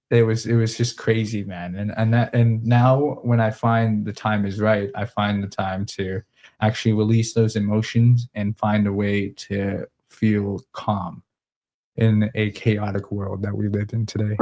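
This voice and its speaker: Low-voiced guy rambling earnestly on a live stream, lots of restarts. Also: little pitch movement, measured pace, a little mellow. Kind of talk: casual live-stream chat.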